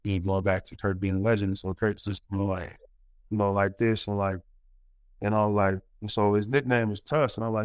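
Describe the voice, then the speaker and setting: A man in his forties spins a story with lots of fillers and sudden acted-out quotes. His voice sits low and comes through smooth and clear. The room is dry, with the mic close. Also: a little fast, no room sound. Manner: animated storyteller, many fillers, acts out quotes. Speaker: former college basketball player, guest. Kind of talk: casual storytelling interview.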